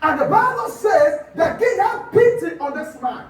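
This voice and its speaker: A pastor preaching a fervent sermon, shouting and repeating rhetorical questions. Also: male voice, very high-pitched, expressive, moderate pace. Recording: echoey hall from a distance.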